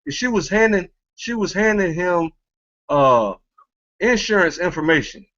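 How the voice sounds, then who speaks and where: A man's voice: high-pitched, expressive, measured pace, fairly bright tone, muffled recording. A man hosting a casual commentary chat, mocking and laughing often, speaking in loose street slang. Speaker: commentary show host.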